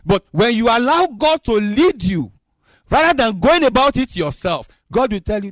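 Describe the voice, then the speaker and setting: A man preaching a sermon, acting out dialogue with God in an expressive way. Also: sits high, normal speed, no room sound.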